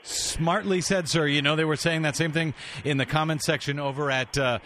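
A man hosting a radio talk show, casual and halting with many fillers, speaking at a studio microphone. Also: a little high, fairly even intonation, a bit bright, dry recording.

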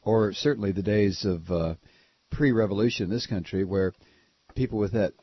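An American man hosting a talk radio show, delivering a sarcastic, mocking monologue that swings between shouted rants and low muttered asides. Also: normal speed, breathy edge, no echo, dull audio. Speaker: political talk radio host.

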